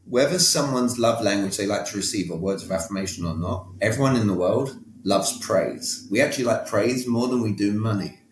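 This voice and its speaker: A man with a somewhat low voice talks as a podcast guest in an emphatic, coaching manner. He keeps stopping to check that his listener is following him. The room around him adds a noticeable echo. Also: brisk, few pauses, slight background noise. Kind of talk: conversational interview.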